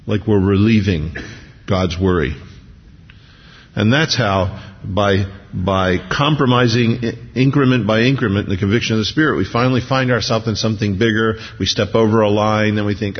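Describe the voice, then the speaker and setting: A man's slightly rough voice, on the low side, carries a sermon at normal speed. He preaches as a pastor, chatting conversationally through rhetorical questions and repeated restarts. Dull lo-fi quality and long hall reverb color the recording.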